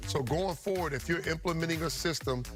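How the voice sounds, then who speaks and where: A man's voice: on the high side, a little fast. A man working as a studio football analyst, explaining at length and restarting his sentences. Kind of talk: studio sports talk. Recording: music bed underneath.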